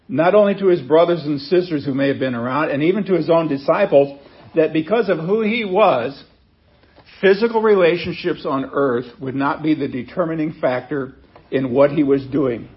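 A man's voice: a little high, lo-fi sound. A man preaching a sermon in a conversational way, reading scripture aloud and stopping to explain it with casual asides. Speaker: pastor.

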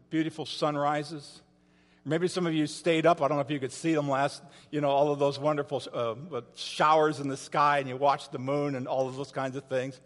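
A pastor with a high voice preaches from the pulpit of a church sanctuary, retelling the story dramatically and repeatedly posing rhetorical questions to the congregation. A long hall reverb follows his voice.

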